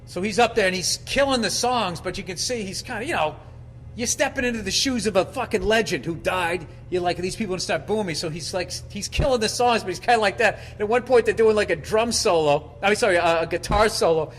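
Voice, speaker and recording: Middle-aged male host, slightly high voice, loose profane rambling monologue, faint background hiss. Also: brisk. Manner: profane, rambling, animated storytelling with acted-out quotes.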